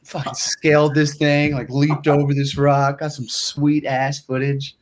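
A man's voice: a little high, unhurried, a little hiss or hum. A young man, a guest actor, chatting casually on a podcast and acting out quotes as he tells his stories. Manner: animated storyteller acting out quotes.

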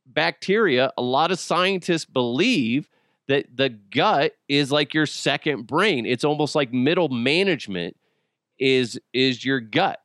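A man's voice: on the high side, a bit bright, no echo, clean studio sound. A man hosting a podcast alone, joking crudely and riffing in a casual comic monologue. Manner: joking, crude, puts on silly voices. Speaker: podcast host.

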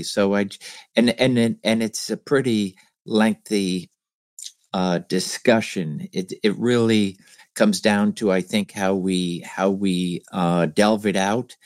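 A man's voice: lowish voice, a little mellow, smooth, no room sound. A man co-hosting a podcast in casual chat, hesitant and thoughtful with many restarts. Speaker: podcast co-host.

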